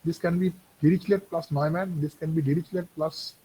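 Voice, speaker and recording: A man's voice: on the high side, fairly even intonation, a little fast, warm tone, husky, rough recording. A man giving a university engineering lecture, repeating points and checking in with "okay" often.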